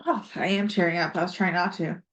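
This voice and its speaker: A woman's voice: fairly low pitch, steady tone, a little fast. A woman giving a casual, rambling tarot reading, reflective and full of asides and fillers. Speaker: tarot reader. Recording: dull lo-fi recording.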